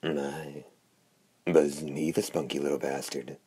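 A man doing a hoarse wry talking hand. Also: very deep voice, level tone, unhurried, warm tone, heavily acted. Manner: wry, drawling.

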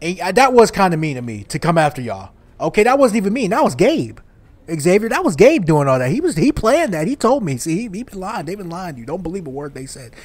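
A man with a high voice that leaps all over the place, trash-talking the game as he plays. He is loud and hyped, and he talks in a slangy, joking way. His running commentary keeps reacting to whatever happens on screen. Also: very animated, fast. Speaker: gaming YouTuber. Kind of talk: playing and commenting on a wrestling video game.

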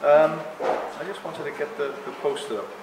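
Loud, jokey man talking in an echoey room. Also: on the high side, normal speed. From Greek heritage. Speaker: guest speaker. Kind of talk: live talk to an audience. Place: room with live audience. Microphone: no microphone, room recording. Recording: echoey room with background noise.

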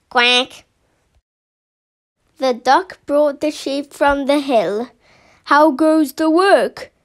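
A woman reading a children's picture book aloud in a rhythmic, expressive way. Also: sits high. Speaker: storyteller.

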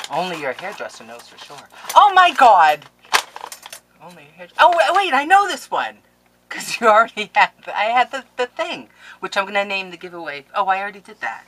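A middle-aged woman, opening mail on camera in a casual vlog, gushing and excitable. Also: mid-range voice, noisy background. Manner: gushing, excitable, laughs and gasps often. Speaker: crafting vlogger.

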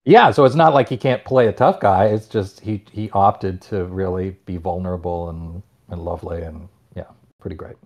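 A man's voice: low voice, normal speed, darkish tone. A man voice actor chatting as a panel guest, playful and joking. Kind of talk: casual panel chat.

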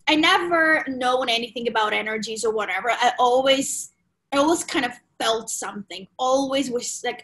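A woman, a podcast guest frankly telling a personal story in animated, loose English. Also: on the high side, rough recording. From Ukraine. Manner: animated, frank, swears casually, non-native grammar.

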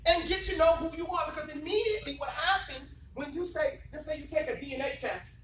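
A high-pitched man gives an emphatic, preachy classroom lecture, often stopping to ask the students whether they follow. He is picked up from across an echoey room, with a faint hiss underneath. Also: brisk, a bit bright, distant mic. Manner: emphatic, preachy, keeps asking the class rhetorical questions. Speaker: Islamic teacher. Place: classroom, indoors.

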